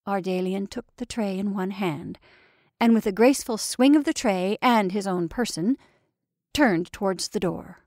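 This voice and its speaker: A woman storyteller reading a classic tale aloud in a measured, expressive way. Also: mid-range voice, no room sound, clean studio sound. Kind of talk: scripted narration of a classic story.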